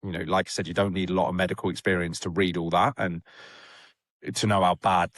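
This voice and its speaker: A young man tells his story plainly and candidly, his voice sitting low. The sound is dry and close, with little room in it. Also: flat delivery, brisk, fairly bright tone, no echo. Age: young adult. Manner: candid, plain-spoken, full of fillers. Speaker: rehab client guest. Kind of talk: casual storytelling.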